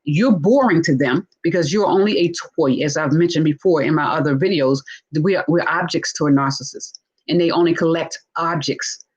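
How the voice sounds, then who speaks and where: A woman hosting a live casual teaching talk, animated and acting out what people say, with frequent checks of "right?". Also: low voice, moderate pace, slightly rough, low-quality recording. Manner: animated, acts out quoted speech, frequent "right?". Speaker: host discussing narcissistic relationships.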